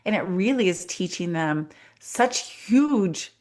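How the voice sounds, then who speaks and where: A woman co-hosting a podcast as a life coach, talking in an animated, emphatic way and acting out voices in casual conversation. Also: lowish voice, takes it slowly. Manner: animated, acts out children's voices, repeats for emphasis.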